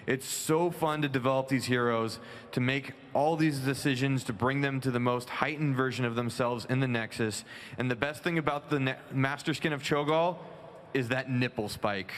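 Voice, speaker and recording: Casting: mid-pitched man, keen presenter at a convention panel. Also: normal speed.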